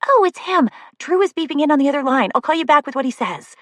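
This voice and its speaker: A woman's voice: sits high, lively intonation, fast talker, no room sound, voice pushed up. Woman voicing a fond, teasing friend. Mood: hurried. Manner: affectionate, gently teasing. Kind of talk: audiobook dialogue.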